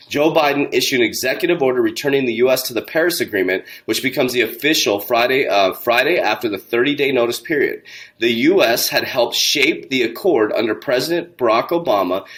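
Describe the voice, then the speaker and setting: A man hosting a crypto channel, giving heated motivational commentary, preachy and indignant, calling his listeners warriors. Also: medium pitch. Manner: gets loud and indignant, rising to near shouting. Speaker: crypto channel host and coach.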